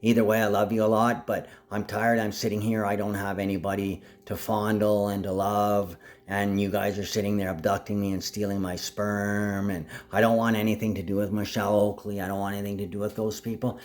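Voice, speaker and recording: A man delivering a rambling monologue to camera, full of restarts, swinging from low grumbling to sudden high outbursts. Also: flat delivery, brisk, few pauses, darkish tone. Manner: frequent restarts and half-finished sentences. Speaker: vlogger.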